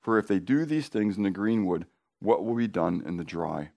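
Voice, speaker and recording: A middle-aged pastor preaches a sermon with animated emphasis, moving between quiet asides and near-shouts, repeating himself and putting call-and-response questions to the congregation. His voice sits on the low side, at a moderate pace, with vocal fry.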